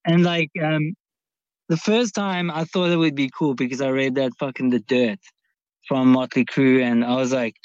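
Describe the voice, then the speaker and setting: A man's voice: mid-range voice, steady tone, moderate pace, dry recording, highs cut off. A young man calling in, telling a long story in a rambling way with heavy swearing and many restarts. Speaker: caller. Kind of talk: casual storytelling.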